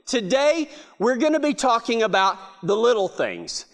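High, lively man telling stories. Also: normal speed. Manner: laughing, animated storyteller with restarts. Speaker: speaker. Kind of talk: humorous storytelling talk.

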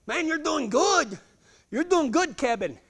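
A man voicing a seasoned cowboy horse trainer, giving calm, matter-of-fact instructions in a high voice. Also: a little slow, full character voice. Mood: encouraging.

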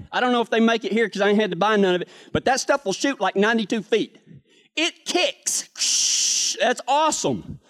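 A man's voice: very high-pitched, a bit bright. A man preaching a sermon, telling a joking, folksy cowboy story.

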